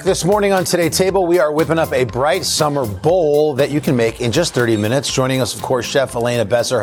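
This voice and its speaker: A man hosting a morning TV show, introducing a cooking segment in a brisk, cheery way. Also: medium pitch. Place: TV studio.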